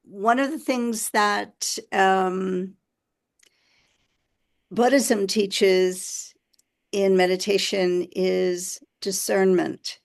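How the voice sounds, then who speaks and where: Slow, gravelly woman asking a question. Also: mid-range voice, steady tone. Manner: slow, halting. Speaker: sangha member. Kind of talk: question in group discussion.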